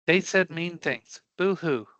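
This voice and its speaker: A man leads an online career class in a bright, somewhat high voice that sounds close and dry. He is blunt and emphatic, brushing off angry customers as no big deal and checking in with the class again and again. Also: a little slow, no echo, dull audio. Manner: emphatic, checks in with frequent rhetorical questions. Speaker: career prep instructor. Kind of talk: live online class lecture.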